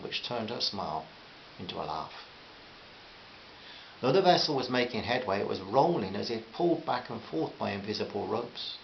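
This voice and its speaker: Gravelly male storyteller. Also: lowish voice. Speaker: story reader. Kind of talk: scripted narration. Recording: slightly dull with faint hiss.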